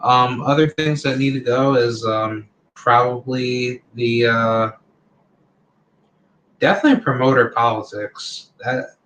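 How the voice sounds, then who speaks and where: A man in his thirties talks slowly through a casual opinion monologue. He is blunt, rambles, and leans hard on "you know" and "like" between his points. His voice sits at an ordinary male pitch. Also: fairly even intonation, a bit bright, a little hiss or hum, poor audio. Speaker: channel host.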